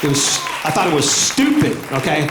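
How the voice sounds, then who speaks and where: A man with a Southern US accent doing animated, high-energy stand-up comedy on a club stage. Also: moderate pace. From American South. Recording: echoey club with crowd and noise. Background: laughing audience.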